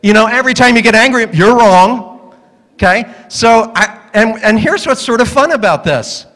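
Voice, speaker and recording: A pastor delivering a humorous sermon to a congregation, animated and joking, acting out the voices in his stories. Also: very high-pitched, moderate pace, in a large hall.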